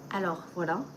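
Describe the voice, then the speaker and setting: Over a noisy background, a middle-aged woman from France speaks in a mid-range voice with a French accent. As channel host of a casual livestream, she chats with viewers, sprinkling in French and Japanese words.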